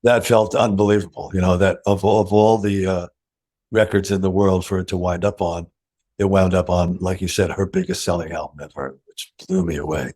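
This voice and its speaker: A man's voice: sits low, little pitch movement, normal speed, darkish tone. An older man, a guitarist guest, telling anecdotes in an interview, acting out quoted dialogue and laughing often. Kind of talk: storytelling interview.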